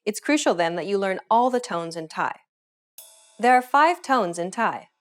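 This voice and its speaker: Clear, measured woman teaching pronunciation. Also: mid-range voice, expressive, soft background music. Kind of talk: scripted lesson narration.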